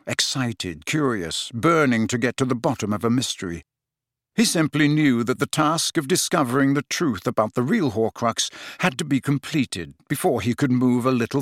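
A man reads a novel aloud in a measured, steady voice at a middle pitch. The recording is close and completely dry, with no room sound. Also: no room sound. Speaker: audiobook narrator. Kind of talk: scripted narration.

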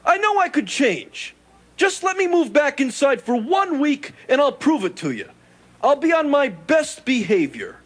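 A whiny wisecracking sitcom alien. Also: male voice, very high-pitched, sing-song, exaggerated voice. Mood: pleading. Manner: quick wisecracks and whiny pleading. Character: wisecracking furry male alien houseguest, scheming and needy. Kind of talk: 1980s sitcom acting. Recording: loud studio audience laughter, noisy.

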